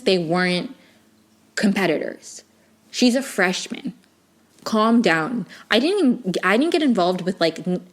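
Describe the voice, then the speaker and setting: Woman in her twenties, solo podcast host; slightly low voice, frustrated, rambly chat. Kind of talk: casual review monologue.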